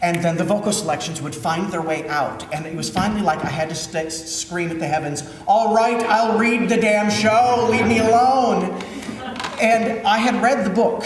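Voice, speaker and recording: A man from Minnesota, a theater director, telling a story in a chatty, lively way during a post-show Q&A. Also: high-pitched, a little hiss or hum. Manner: chatty storytelling, animated when quoting. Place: theater auditorium. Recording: echoey hall, mic at a distance.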